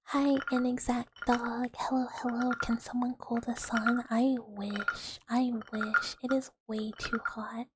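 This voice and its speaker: A young woman chats in whispered role-play, her breathy voice sitting a little high. She rambles with fillers, close on the mic, over a loud steady hiss. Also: slow, few pauses. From United States. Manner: soft unvoiced whisper, chatty and rambling with many fillers. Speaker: ASMR streamer chatting with viewers. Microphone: close sensitive ASMR microphone.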